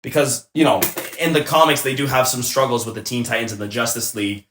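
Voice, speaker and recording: A young man chatting casually on a podcast, retelling stories with animated enthusiasm. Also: mid-range voice, quick pace, slight background noise. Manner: excited, animated storytelling with laughs. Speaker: podcast co-host. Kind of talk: casual chat. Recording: roomy echo.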